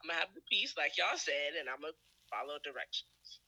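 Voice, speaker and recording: A woman's voice: low voice, a little fast, breathy edge, low-quality recording. A young woman telling a funny personal story in casual slang, laughing often and acting out what people said. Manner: animated, laughing, slangy, acts out quotes. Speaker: guest storyteller.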